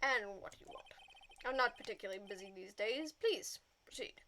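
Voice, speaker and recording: A woman voicing a pompous, blustering old male lawyer in a video game, with drawn-out lines. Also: fairly high pitch, expressive, sharp tone, slight background noise.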